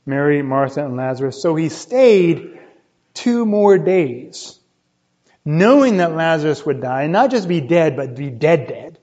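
A man preaching a sermon, explaining scripture and often checking in with "right?", climbing higher when he stresses a point. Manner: teaching, often checks with "right?", rises in pitch for emphasis. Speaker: pastor. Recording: dull lo-fi sound.

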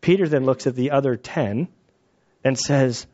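A man's voice: mid-range voice, normal speed, dark tone, dull audio. A man giving a casual Bible teaching, conversational and acting out quotes with the odd laugh.

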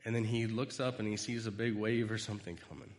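A man's voice: fairly low pitch, fairly even intonation, fast, big-room sound. A man giving an informal sermon, rambling through personal stories and acting out quoted lines. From United States. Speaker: speaker giving a devotional talk.

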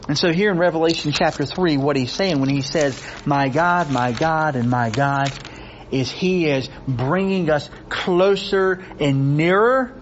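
A man's voice: on the high side, unhurried, slight background noise. A man preaching a sermon, reading scripture with rising intensity and pressing his points through repetition. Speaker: pastor. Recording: dull lo-fi recording with faint ambience.

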